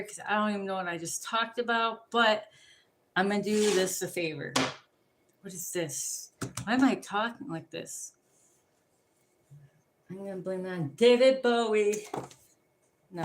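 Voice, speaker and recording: During a rambling, casual livestream, a tarot card reader gives a reading, swearing freely and jumping from topic to topic. Her mid-range voice is a bit bright, and there's slight background noise.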